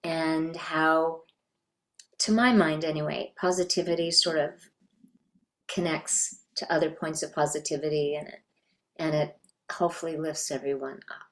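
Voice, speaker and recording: A woman's voice: deep voice, fairly even intonation, normal speed. A middle-aged woman from Canada, a voice actress, thoughtfully telling stories in an interview. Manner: reflective, thoughtful storytelling. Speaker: voice actress guest. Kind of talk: reminiscing interview.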